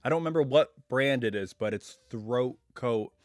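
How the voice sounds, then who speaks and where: A slightly hoarse man chats away to his live stream viewers from home, drifting through asides and tangents. His voice sits at an ordinary middle pitch. The sound is close and dry, with no room echo. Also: normal speed. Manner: chatty and rambling, full of asides. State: hoarse, recovering voice. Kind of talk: casual live stream chat.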